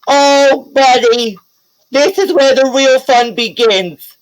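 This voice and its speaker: A man voicing a menacing male clown who calls himself Death, taunting slowly and theatrically. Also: very high-pitched, soft background music, voice pushed up, low-quality recording.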